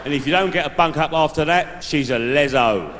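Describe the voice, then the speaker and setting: Heavy background noise surrounds this man's fairly quick, high-side voice. He's a stand-up comedian on a large live venue stage, performing as a brash, laddish bloke who gives the audience dating tips. The stage mic captures an echoey hall.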